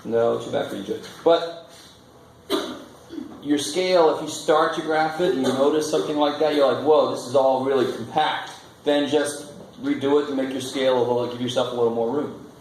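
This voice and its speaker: A male math teacher talking through graphs in a very echoey classroom, his voice a bit gravelly. He is loose and joking, thinking aloud while he works at the board. A faint hiss sits under the recording. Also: mid-range voice, fairly even intonation, a little fast, a little mellow. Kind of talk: classroom lecture.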